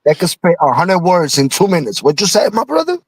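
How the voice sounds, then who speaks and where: Man, high voice, dry close sound, casual chat, quick quips. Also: huge pitch swings, husky, no room sound. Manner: chiming in with laughs and quick quips.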